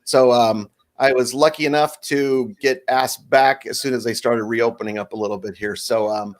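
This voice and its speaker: A man in his forties, a stand-up comedian chatting as a guest about a recent show, relaxed and anecdotal. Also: mid-range voice, normal speed. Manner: animated storyteller, acts out bits. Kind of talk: stand-up set then casual interview.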